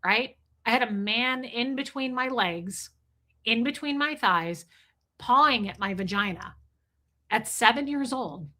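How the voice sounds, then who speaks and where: A woman's voice: on the high side, animated, unhurried, sharp tone. A woman hosting a livestream, talking bluntly and confessionally with profanity and greeting chat viewers. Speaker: livestream host. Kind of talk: casual livestream talk with chat shout-outs.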